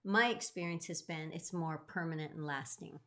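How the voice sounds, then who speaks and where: A woman's voice: deep voice, moderate pace, fairly bright tone. A woman co-hosting a wellness live stream, chatting in a friendly way and encouraging viewers. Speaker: co-host. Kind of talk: conversational live-stream chat.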